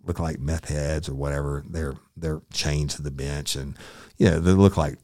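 A man's voice: rumbling low, steady tone, moderate pace, a little mellow, dry recording, studio quality. A man casually telling a story from his time as a deputy, blunt and profane, acting out what others said.

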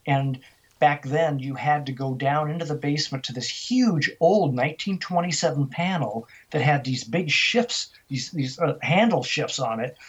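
Speaking in a husky voice on the high side, the older guest brings his stories to life by performing the dialogue. The interview recording is muffled.

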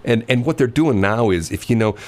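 A man with a medium-pitched voice hosts a radio show at a brisk pace. He chats casually and tells stories, animatedly acting out the voices of the people in them.

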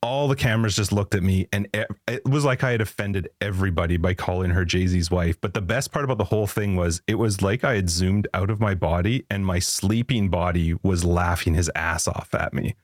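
A man's voice: deep voice, brisk, few pauses, no echo, clean studio sound. A man hosting a podcast, telling rambling anecdotes in casual chat and laughing often. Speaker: podcast host.

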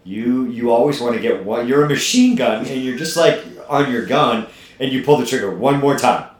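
A man's voice: mid-range voice, normal speed. A middle-aged man hosting a podcast as a gym owner, talking bluntly and profanely in a fired-up motivational way. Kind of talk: casual podcast chat. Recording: echoey room.

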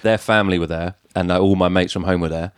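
A man's voice: low voice, quick pace, clear, resonant tone, dry recording, clean studio sound. A man in a casual podcast chat, telling an anecdote and acting out the people in it. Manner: animated anecdote-teller who acts out quoted people.

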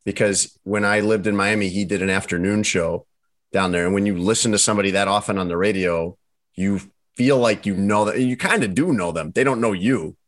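Male podcast host, lowish voice, playful teasing banter. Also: fairly quick. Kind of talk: casual chat.

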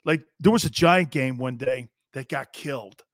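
A man hosting a live sports talk show, loud and brash, joking and hollering. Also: mid-range voice, moderate pace, no room sound, clean studio sound.

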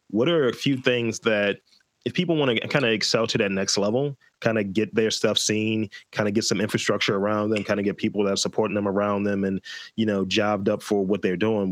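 Man, podcast host, relaxed and profane, laughs a lot, dry close sound. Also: on the low side, dry recording. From Baltimore. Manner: laid-back, profane, laughs often. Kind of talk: casual podcast conversation.

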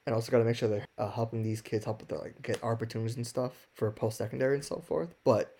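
A man's voice: medium pitch, steady tone, quick pace, mellow, slightly rough. A young man co-hosting a podcast, telling stories in a loose, filler-heavy way. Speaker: podcast co-host. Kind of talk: casual podcast chat.

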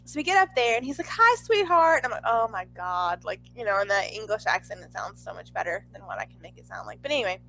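Animated chatty young woman. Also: medium pitch, fast talker, vocal fry, hardly any pauses, rough recording. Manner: chatty, excitable, heavy use of "like". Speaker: vlogger. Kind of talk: casual storytelling.

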